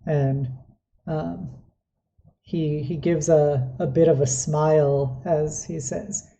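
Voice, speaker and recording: A woman running a tabletop game as game master, narrating in a relaxed, rambling, hesitant way. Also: deep voice, slow.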